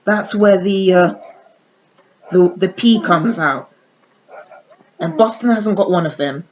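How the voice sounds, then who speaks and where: A woman vlogging a doll unboxing in a casual, chatty way, slipping into sing-song baby talk with her dolls. The audio is dull and lo-fi. A steady noise sits clearly behind her voice. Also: on the low side, slow.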